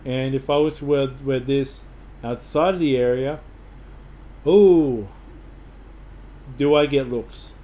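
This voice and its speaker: A man's voice: medium pitch, flat delivery, normal speed, a little mellow. An Australian man giving casual travel advice to camera, rambling and enthusiastic, with lots of fillers and restarts.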